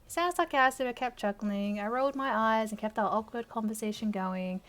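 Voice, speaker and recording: A woman's voice: a little high, fairly quick, a bit bright. Young woman mocking her own writing. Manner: mocking, self-deprecating, laughs often. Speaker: channel host reading her teenage fan fiction aloud. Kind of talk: reading aloud with sarcastic commentary.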